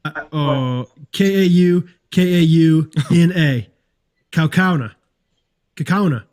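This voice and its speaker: Playful man with a slightly high voice. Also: takes it slowly, a little mellow. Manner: playful, joking. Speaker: podcast guest. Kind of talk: casual chat.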